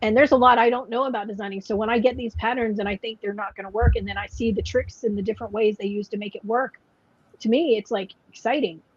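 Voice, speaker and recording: A woman's voice: a little high, steady tone, fast, husky. A woman co-hosting a casual chat podcast, rambling with lots of "like" and "you know" fillers. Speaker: podcast co-host. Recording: dull lo-fi podcast audio.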